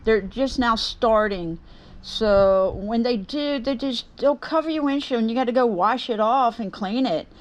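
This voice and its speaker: A woman's voice: a little high, unhurried. Chatty Southern woman in her workshop. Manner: rambling, chatty, folksy. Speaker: woodturning vlogger. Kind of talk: casual chat to camera. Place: home workshop.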